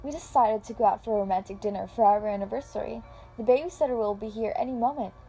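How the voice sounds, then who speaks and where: A woman's voice: fairly high pitch, fast talker, vocal fry, dark tone, soft background music, low-quality recording. A woman voicing a fragile young mother who talks in an emotional, pleading way. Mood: cheerful.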